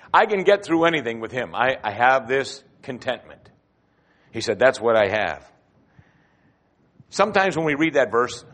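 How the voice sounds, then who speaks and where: A man preaching a sermon with expressive delivery, swinging between loud emphatic phrases and quiet asides. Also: medium pitch. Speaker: pastor.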